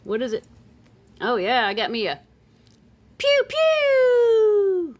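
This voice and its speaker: A woman casually chatting as she unboxes silver pieces, playful and chatty, breaking into excited squeals and sing-song calls. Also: mid-range voice, normal speed. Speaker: silver coin collector vlogger.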